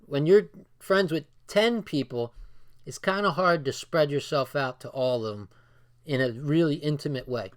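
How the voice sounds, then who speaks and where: A man's voice: on the high side, moderate pace. A man casually reading a book aloud and breaking off into loose, swearing asides. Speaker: book reader and commentator.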